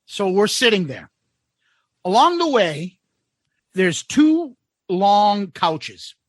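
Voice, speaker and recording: A man's voice: sits high, sing-song, takes it slowly, slight background noise. A man co-hosting a podcast, telling a crude story with lots of laughter in casual chat. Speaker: podcast co-host.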